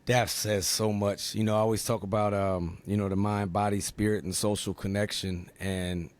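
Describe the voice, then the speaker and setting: Enthusiastic, animated male podcast host. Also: fairly low pitch, moderate pace. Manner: animated, enthusiastic, repeats himself. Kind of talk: casual podcast chat.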